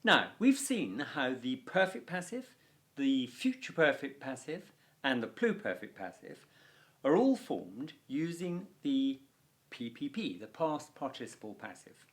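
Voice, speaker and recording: A man teaching a Latin video lesson, explaining grammar clearly and stressing key words with deliberate pauses. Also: mid-range voice, big pitch swings, a bit bright.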